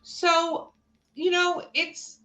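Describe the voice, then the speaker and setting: A woman's voice: extremely high pitch, level tone, very slow, bright, forceful tone. A woman hosting a podcast, chatting casually and musing aloud with rhetorical questions. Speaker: podcast host. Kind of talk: casual chat. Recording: roomy echo.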